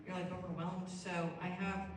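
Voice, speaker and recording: A woman poet at a live reading, chatting casually between poems and reading them slowly and deliberately. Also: lowish voice, little pitch movement, noisy background. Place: live reading at an arts venue. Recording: roomy echo, distant mic, faint ambience.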